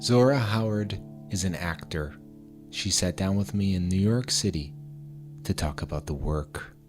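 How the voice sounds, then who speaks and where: A man's voice: low-pitched, measured pace, over loud music. A man hosting a podcast, interviewing a guest in an effusive, rambling way and often cutting himself off mid-sentence. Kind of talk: enthusiastic interview talk.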